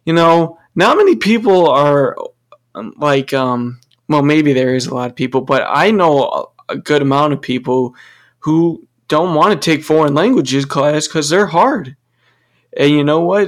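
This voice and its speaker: A young man hosting a solo podcast, talking casually in a rambling, profane rant full of restarts. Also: on the high side. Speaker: podcast host.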